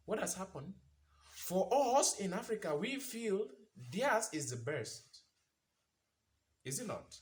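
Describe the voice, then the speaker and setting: Male commentator, preachy and repetitive, animated, slightly high voice. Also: slow pace, pauses often. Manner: preachy, asks rhetorical questions, repeats phrases for emphasis. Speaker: vlogger. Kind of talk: impassioned commentary monologue.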